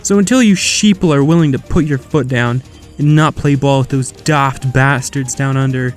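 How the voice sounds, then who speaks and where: A man's voice: mid-range voice, normal speed, faint music behind. A man hosting a comedy video, delivering a profane, over-the-top rant of mock outrage. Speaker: comedy YouTuber host.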